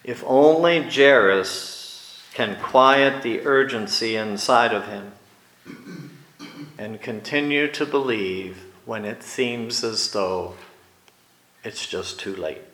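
A man preaching a sermon, slow and deliberate, growing animated when he acts out the scene. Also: mid-range voice, roomy sound, rough recording.

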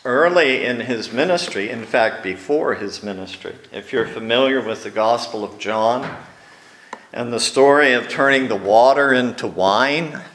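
A male pastor in an echoey church sanctuary tells stories during his sermon, raising his voice whenever he acts out a quote. His voice is mid-range and fairly bright, and he speaks a little slowly.

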